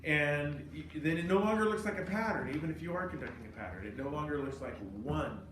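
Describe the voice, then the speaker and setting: A man teaching conducting to a class, animated and joking, counting beats and singing lines to demonstrate in a cold rehearsal room. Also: a little high, fast. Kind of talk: classroom instruction. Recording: echoey room, mic far off, noisy.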